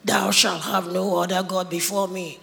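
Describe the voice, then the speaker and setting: Woman doing a huge slow deep god voice, echo effects piled on, big hall ring. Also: flat delivery, creaky, fairly bright tone. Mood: solemn. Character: booming movie voice of God, male, vast and solemn. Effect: heavy echo after-effects. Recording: long hall reverb.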